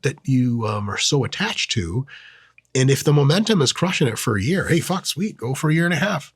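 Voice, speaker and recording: A man's voice: mid-range voice, normal speed, slightly rough, dry recording, clean studio sound. A man hosting a fitness channel, giving a casual, joking, profane lecture on training and diet. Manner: profane, joking, animated delivery. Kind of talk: casual educational monologue.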